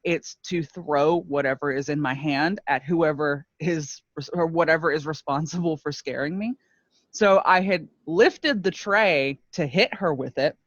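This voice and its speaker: Animated laughing woman, muffled dry mic. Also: low-pitched, measured pace, no room sound. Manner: animated, self-mocking, laughs often. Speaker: podcast co-host. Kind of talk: casual storytelling chat.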